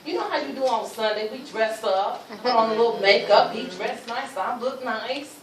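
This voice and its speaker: A woman's voice: a little high, normal speed. A woman giving an emphatic personal testimony at a luncheon, acting out the voices of the people in her story. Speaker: speaker sharing her testimony. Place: luncheon venue, roomy hall. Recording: echoey room, distant, with noise.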